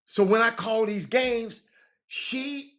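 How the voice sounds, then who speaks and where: Bright-voiced man chatting loosely. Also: very high voice, slow. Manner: repetitive, stop-start, informal slang. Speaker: livestream host. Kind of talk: casual rambling chat to viewers.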